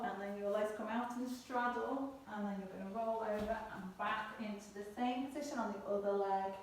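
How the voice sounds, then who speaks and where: A woman's voice: mid-range voice, a little hiss or hum. A woman coaching children through gymnastics moves at home, showing each one as she explains, a little out of breath at times. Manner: encouraging, demonstrates moves while talking. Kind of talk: home exercise lesson for children. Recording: echoey room, voice from a distance.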